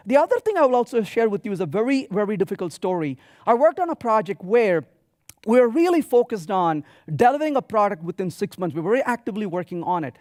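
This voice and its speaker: A man giving a software conference talk, telling stories with quoted dialogue in an animated way. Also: high-pitched, no room sound, clean studio sound. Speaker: conference speaker. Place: conference hall stage.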